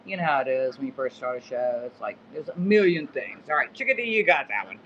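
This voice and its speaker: A middle-aged man runs a live-stream auction from his home in the woods, chatting casually and rambling as he corrects himself. His medium-pitched voice is expressive, fast and sharp. The stream is dull lo-fi phone audio with faint background noise.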